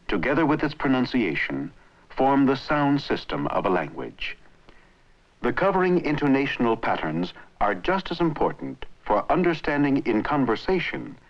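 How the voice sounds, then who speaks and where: A man giving measured, scripted narration for an old educational film on language. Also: medium pitch. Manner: measured, explanatory. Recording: dull lo-fi old film soundtrack.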